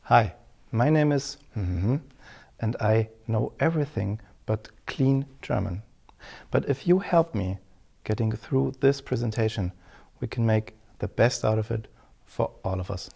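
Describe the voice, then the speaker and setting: A man's voice: lowish voice, expressive, a little slow, gravelly, mellow, breathy edge, full character voice. A man quoting a former client, a candid woman presenter who opens her talk by joking about her imperfect speech. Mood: disarming. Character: candid woman presenter from abroad, self-deprecating.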